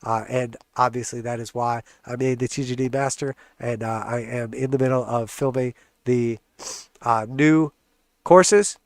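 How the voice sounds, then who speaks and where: A man's voice: mid-range voice, steady tone, measured pace, dry recording, studio quality. A man with a congested, stuffed-up voice hosting a live trading stream, walking through charts in a casual, joking way. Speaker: trading channel host.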